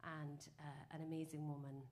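A woman's voice: deep voice, flat delivery, normal speed, darkish tone. An Irish folk singer chatting onstage between songs, rambling with many fillers and laughing at her own stories. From Ireland. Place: small live music venue.

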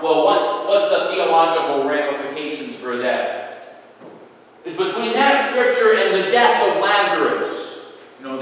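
Pastor, male, high-pitched, preaching casually, heard from a distance in a big reverberant church hall. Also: fairly bright tone, a little hiss or hum. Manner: conversational preaching, drops to a low murmur in asides. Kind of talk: sermon. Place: church sanctuary. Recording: echoey hall from far off.

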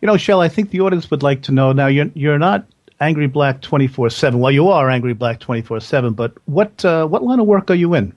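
A man's voice: a little high, expressive, a little fast, a little mellow, lo-fi sound. A man hosting a podcast, interviewing a guest in a chatty way and praising him. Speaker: host.

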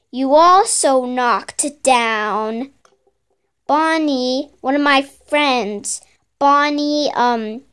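Woman, very high voice, slow unhurried delivery, playful toy skit, bickering banter. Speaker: plush puppeteer voicing all toys.

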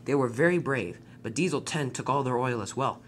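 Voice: mid-range voice, animated, a little fast, a little hiss or hum, lightly acted. A narrator doing a cross, proud express engine. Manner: cross, scornful.

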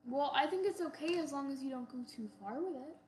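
High-pitched female co-host, halting, searching for words, faint background noise. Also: darkish tone. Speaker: podcast co-host. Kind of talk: casual chat.

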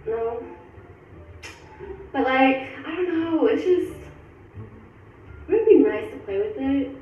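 A woman's voice: high-pitched, lively intonation, slow pace, heavy reverb. A young woman in a casual prank conversation, speaking in a playful, coy way with giggles. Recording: distant lo-fi clip with music.

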